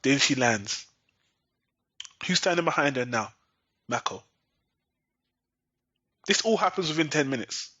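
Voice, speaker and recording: A man's voice: mid-range voice, animated, measured pace, pauses often, bright, forceful tone, no echo. Sarcastic man ranting on a podcast. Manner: sarcastic, profane, exasperated. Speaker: podcast host. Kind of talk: casual recap and rant. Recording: dull lo-fi recording, dry.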